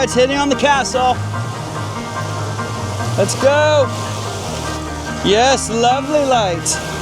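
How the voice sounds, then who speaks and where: A man's voice: extremely high pitch, takes it slowly, long pauses, music in the background. A photographer vlogging outdoors on a rocky coast, a man talking to himself in an exclamatory, self-deprecating way. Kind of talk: casual vlog talk on location.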